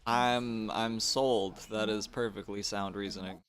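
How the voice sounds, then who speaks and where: A man's voice: fairly low pitch, fairly even intonation, a little slow, fairly bright tone, clean tone. A man casually commenting on a game he plays on stream, with wry, sarcastic remarks.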